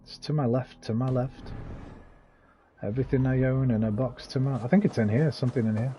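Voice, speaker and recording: Playing a video game on stream, a man talks casually with his chat, calling out viewers by name and cursing freely. He speaks briskly in a medium-pitched, dark voice with fairly even intonation, over a slight hiss or hum.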